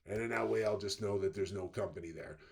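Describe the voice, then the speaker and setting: A man giving a screen-recorded walkthrough, thinking aloud step by step and halting often with fillers. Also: lowish voice, a little mellow. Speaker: instructor.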